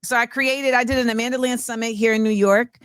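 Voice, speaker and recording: A woman hosting a casual talk show, telling stories in an animated way and acting out what people said. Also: fairly high pitch, quick pace, smooth, no echo. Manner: animated storytelling, acts out quotes. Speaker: host. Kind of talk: casual chat.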